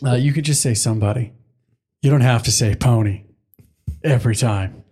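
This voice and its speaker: A man's voice: medium pitch, moderate pace, warm tone. A man hosting a casual podcast chat, laid-back and profane, checking his notes as he talks. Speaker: podcast host.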